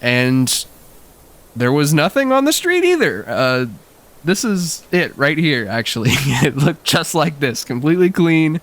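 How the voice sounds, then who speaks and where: A man's voice: a little high, sing-song, unhurried, a bit bright. A young man telling a childhood story in a wry, casual way, laughing often.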